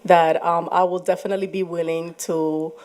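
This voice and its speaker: A woman resident gives a hesitant public comment, often pausing on "um". Her voice is very low for a woman and stays flat and even. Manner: hesitant, with fillers. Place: public meeting chamber.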